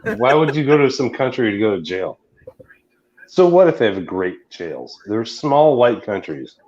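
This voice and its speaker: A man's voice: mid-range voice, big pitch swings, moderate pace, darkish tone, highs cut off. A man chatting on a live stream, blunt, sarcastic and opinionated. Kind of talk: casual live stream chat.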